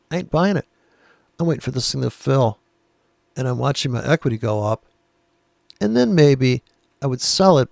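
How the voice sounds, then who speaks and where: A man's voice: mid-range voice, creaky, darkish tone, dry recording. A man giving casual chart commentary, blunt and profane, rambling with sarcastic asides. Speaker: trading educator.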